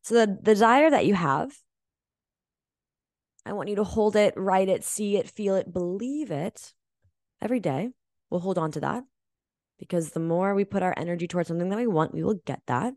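A woman hosting a motivational energy-healing podcast, speaking earnestly and emphatically, swearing casually and slowing down to stress key words. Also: mid-range voice, lively intonation, a little mellow, no room sound, clean studio sound. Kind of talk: motivational coaching monologue.

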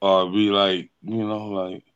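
A man's voice: deep voice, flat delivery, slow pace, clear, resonant tone, no echo, lo-fi sound. A man hosting a casual interview, laid-back and repeating words as he works toward his questions. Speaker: podcast host.

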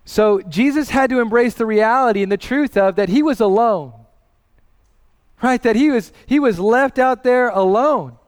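Thirtyish pastor guy preaching, kinda high voice, earnest, swells up when he pushes a point. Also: moderate pace. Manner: earnest preaching with personal anecdotes, rising emphasis. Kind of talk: sermon.

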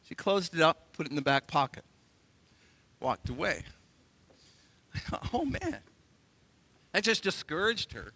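A man's voice: on the high side, normal speed, dry recording, in a large hall. A middle-aged man preaching a sermon as pastor, telling stories and acting out the voices of people in them. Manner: animated storytelling, acts out voices.

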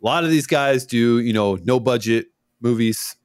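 Male host, casual and chatty, filler-heavy questions, mid-range pitch. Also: normal speed, clean tone. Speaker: podcast host. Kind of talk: casual interview chat.

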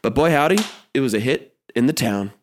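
Lively man telling an improvised story. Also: mid-range voice, fairly quick, a little hiss or hum. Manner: lively, playful storyteller with put-on French exclamations. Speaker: improv performer.

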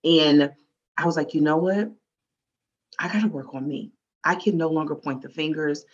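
A woman with a husky, breathy voice tells her faith story openly and from the heart. She slips into lively voices when she quotes her past self. The recording sounds slightly muffled and lo-fi. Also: low voice, normal speed. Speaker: guest. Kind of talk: personal faith testimony.

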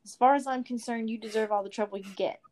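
A woman's voice: on the high side, fast, darkish tone, slight background noise, natural voice. A woman reading the lines of a spirited young hobbit girl in a storybook, with a bold, teasing delivery.

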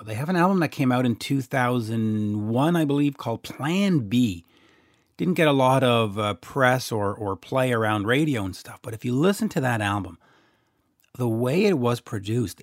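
A man's voice: medium pitch, dry recording, clean studio sound. Rambling Canadian man hosting a podcast. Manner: rambling and jokey, with many fillers and restarts. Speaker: podcast host. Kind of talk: casual solo podcast talk.

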